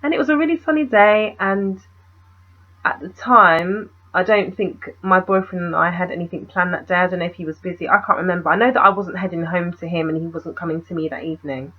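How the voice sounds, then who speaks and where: A woman's voice: fairly low pitch, a little fast, phone-quality sound. A young woman, telling a story in a casual, rambling vlog and asking the viewer questions.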